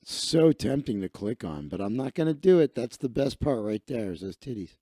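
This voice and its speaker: A man's voice: mid-range voice, very animated, normal speed, mellow, dry recording, studio quality. A man hosting a live stream, rambling and ranting to himself while he browses, swearing freely. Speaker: livestream host.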